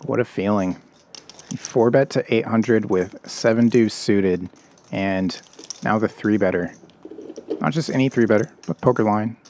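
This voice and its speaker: Man, wry poker commentator, fairly low voice, light background hiss. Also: measured pace, darkish tone. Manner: playful, wry. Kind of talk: play-by-play commentary.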